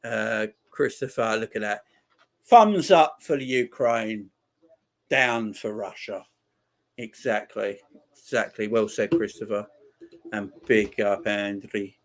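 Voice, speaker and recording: A man hosting a live football watchalong, chatting casually, reading out viewer messages and repeating his shout-outs. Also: lowish voice, slow. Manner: rambling, repeats phrases. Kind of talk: casual live-stream chat.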